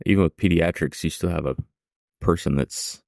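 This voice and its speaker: A man co-hosting a podcast with a gravelly voice, making short dry remarks in casual chat. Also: low voice, moderate pace, darkish tone, dry recording. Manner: terse, dry quips. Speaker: podcast co-host.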